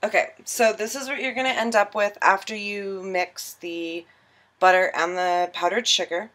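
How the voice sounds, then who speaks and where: A woman's voice: medium pitch, fairly even intonation, moderate pace, a bit bright. A tipsy young woman filming a casual baking tutorial in her home kitchen, giggly, rambling and self-mocking.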